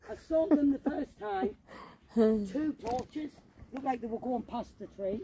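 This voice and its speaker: A woman ghost hunting outdoors in a cemetery at night, talking into a handheld camera in an excitable, frightened way and swearing often. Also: high voice, unhurried, very noisy. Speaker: paranormal vlogger. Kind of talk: live ghost-hunting commentary.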